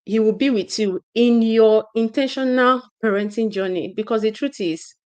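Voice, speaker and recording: A woman's voice: fairly high pitch, moderate pace, clear, resonant tone, lo-fi sound. A middle-aged woman, a parenting coach giving a live talk, earnest and preachy, often repeating and restarting her phrases.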